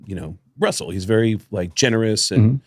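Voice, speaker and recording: A man co-hosting a podcast, telling a long story in casual chat, often laughing and jumping his voice up high for quoted lines. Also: a little fast, no echo, clean studio sound. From United States. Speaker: podcast co-host.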